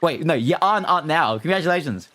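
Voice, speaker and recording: A young man with an Australian accent reading a scary story live, breaking off to react excitably to chat and stumbling over words. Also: a little high, quick pace. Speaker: streamer.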